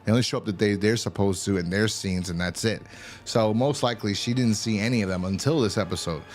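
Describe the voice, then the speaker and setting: A man's voice: lowish voice, quick pace. A man giving a casual, rambling and profane review of a TV episode. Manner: rambling, profane, full of fillers and restarts.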